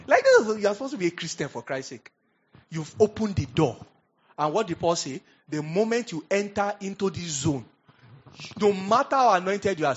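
A man preaching a sermon as pastor, animated, swinging from hushed asides to loud emphatic bursts. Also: sits high, slightly rough, dull audio.

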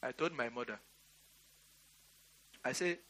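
A middle-aged Nigerian pastor preaches a sermon that includes a personal anecdote, issuing emphatic commands and laughing through a storytelling aside. He speaks slowly in a mid-range, fairly bright voice.

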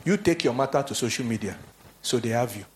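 A man's voice: quick pace, a little hiss or hum. A man preaching a sermon, telling stories animatedly and acting out the voices of the people he quotes. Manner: animated storytelling, acts out quoted voices in a high pitch.

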